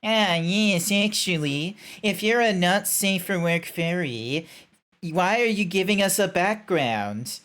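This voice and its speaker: A man's voice: high-pitched, lively intonation, slow pace, fairly bright tone, full character voice. Streamer doing a nasal, smug know-it-all man who lectures. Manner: condescending, lecturing. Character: smug nasal man posting a hot take.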